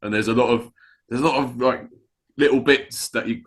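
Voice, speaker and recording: A man's voice: mid-range voice, steady tone, brisk. A man co-hosting a casual chat, agreeing and building on the other host's points. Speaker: podcast co-host.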